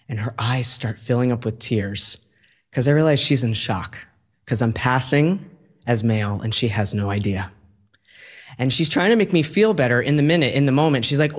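Halting, conversational storyteller man. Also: medium pitch. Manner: conversational, halting, acts out quoted lines. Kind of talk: personal storytelling.

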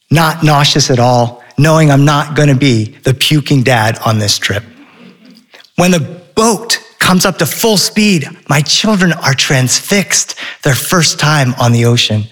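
A middle-aged man telling a wry, animated story on stage, acting out the voices of the people in it. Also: on the high side. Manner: wry, animated, acts out quotes.

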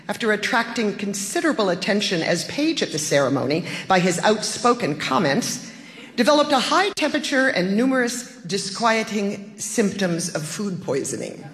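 Measured literary audiobook narrator. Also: medium pitch, fairly bright tone. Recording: long echoing reverb.

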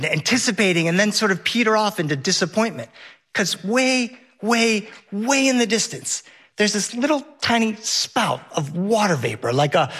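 A man's voice: sits high, fairly bright tone, husky. A man telling a first-person story on stage, with vivid and well-paced narration.

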